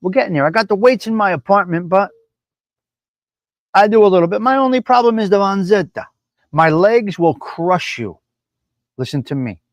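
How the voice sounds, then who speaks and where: A man with a high-sitting voice hosts a brash, casual live stream from his apartment, full of swagger and profanity, repeating lines for emphasis. There's no room sound in the recording.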